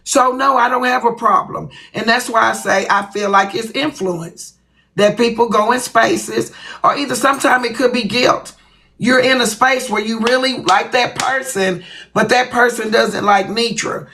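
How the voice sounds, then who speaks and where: Blunt, bright-voiced woman ranting on a livestream. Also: a little high, fairly even intonation, normal speed. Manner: blunt, profane, confrontational. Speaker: livestream host. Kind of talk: livestream rant to viewers.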